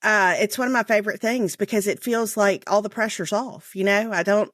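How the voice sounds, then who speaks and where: A woman's voice: mid-range voice, steady tone, a little fast, a bit bright, dry recording, studio quality. A woman in her forties with a Southern American accent from Mississippi, chatting as a guest on an interview podcast, laughing easily and drawing out her phrases. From Mississippi, USA. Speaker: guest author.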